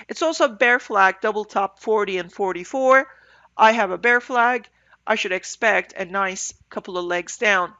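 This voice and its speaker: A congested woman breathing through her mouth gives an end-of-day market review as a trader, thinking aloud in halting phrases with fillers. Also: mid-range voice, sharp tone, dry recording, highs cut off.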